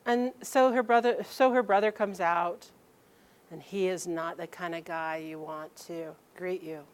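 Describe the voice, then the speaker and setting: A woman telling a personal story aloud, halting and restarting sentences and acting out the people she quotes. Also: lowish voice, steady tone, clean tone.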